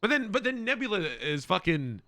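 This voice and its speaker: A man voices a police officer in an online role-play, chatting casually and swearing as he goes. His pitch swings widely and his voice sits dry and close to the mic. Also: moderate pace, no echo. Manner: animated, swears freely, laughs often. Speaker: streamer playing a police officer.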